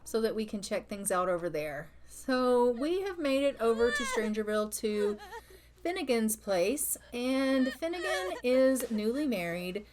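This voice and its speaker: A woman's voice: a little high, big pitch swings, unhurried, background noise. Chatty woman narrating gameplay. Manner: chatty, acts out characters. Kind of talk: casual game commentary.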